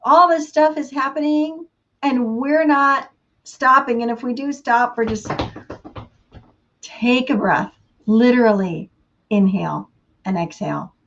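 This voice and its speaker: Slow-talking woman giving an inspirational talk. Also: a little high, dull audio. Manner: warm, unhurried, laughs often between thoughts. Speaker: motivational speaker. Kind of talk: casual inspirational talk to camera.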